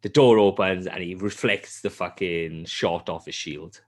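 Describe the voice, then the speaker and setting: A man's voice: deep voice, a little slow. A man co-hosting a casual gaming podcast, ranting animatedly and swearing a lot. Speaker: podcast co-host.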